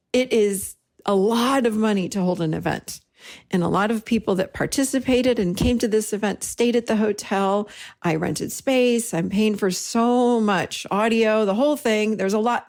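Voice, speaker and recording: A middle-aged woman hosting a talk, telling a personal story in an animated way and acting out the dialogue. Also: mid-range voice, vocal fry. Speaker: host and therapist-style teacher.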